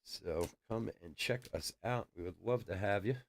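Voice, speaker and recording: A man's voice: fairly low pitch, normal speed, no room sound. A middle-aged man hosting a live card break, chatting casually and telling stories with frequent laughs while calling out cards. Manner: chatty storyteller, laughs often, calls out cards. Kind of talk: casual live-stream chat while opening card packs.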